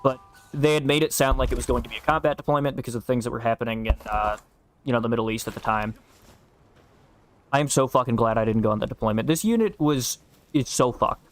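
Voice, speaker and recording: A man's voice: mid-range voice, quick pace, faint music behind. A man streaming a game and chatting casually, telling stories in a blunt, profane way. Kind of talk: casual chat while gaming.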